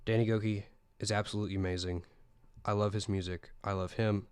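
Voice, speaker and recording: A teenage podcast host from South Carolina rambles happily through a music roundup. His voice is low and smooth with little pitch movement. The sound is dry and close. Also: flat delivery, fairly quick, darkish tone, no echo. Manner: chatty, rambling, enthusiastic.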